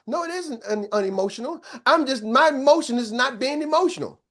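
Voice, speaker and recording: A man's voice: very high voice, animated, fairly quick, fairly bright tone. An older man giving a motivational business coaching talk, emphatic and preacher-like, often checking in with his listeners.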